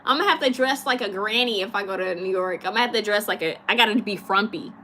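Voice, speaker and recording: Hosting a live stream, this woman from California giggles and chats casually as she responds to viewers' comments, using lots of fillers and quick repeats. She has a mid-range, somewhat bright voice, and there's slight background noise.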